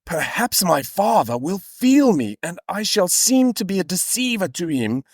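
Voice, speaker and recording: A nervous young man, as a man acts him out pleads slowly and earnestly in a raised voice. The sound is close and dry. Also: high voice, very animated, dry recording, voice pushed up, heavily acted. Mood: worried.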